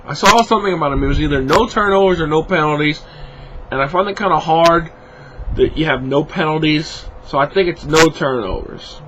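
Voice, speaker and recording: Lo-fi audio with a little hiss or hum captures a sports vlogger sleepily running through his football picks. His voice is fairly high, a bit bright, and a little fast, and his casual predictions meander with lots of fillers, yawns, and self-corrections.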